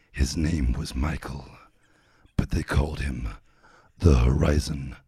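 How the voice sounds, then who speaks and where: Deep gravelly trailer narrator, slow, dark and husky, dry, off-mic. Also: male voice, steady tone, no room sound, full character voice. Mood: dramatic. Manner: slow, loud, dramatic pronouncements. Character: deep booming movie-trailer narrator man. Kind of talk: casual podcast banter.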